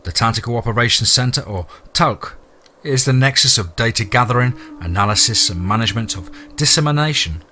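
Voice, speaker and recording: A man narrating a horror story in a dramatic, steady audiobook reading. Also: mid-range voice, a little fast, a little hiss or hum.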